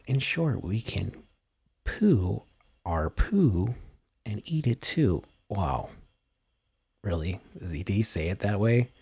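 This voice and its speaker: Man, very low voice, gravelly, livestream rant, sarcastic, profane, rambling commentary. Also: a little mellow. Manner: sarcastic, profane ranting with frequent fillers and restarts. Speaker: livestream host. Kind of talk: rambling commentary while reading an article aloud.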